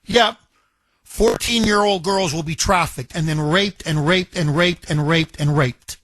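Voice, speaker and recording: Male talk radio host, indignant and emphatic, husky tone, dry close mic. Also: a little high, measured pace, fairly bright tone, no echo. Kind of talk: talk radio monologue and call-in.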